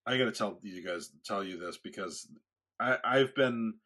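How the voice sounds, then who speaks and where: A man's voice: on the low side, normal speed, pushed and bright, breathy edge. A man co-hosting a podcast in casual chat, telling rambling stories and jokes with many restarts. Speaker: podcast co-host.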